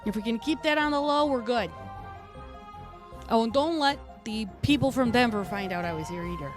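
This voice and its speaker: A woman's voice: on the high side, normal speed, faint music behind, lightly acted. Woman voicing a profane, tough-talking redcap fae. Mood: gruff banter. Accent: New York. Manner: profane, rambling, streetwise tough talk. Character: brash foul-mouthed fae redcap, tough mechanic. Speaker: streamer in character. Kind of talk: in-character chat on a live stream.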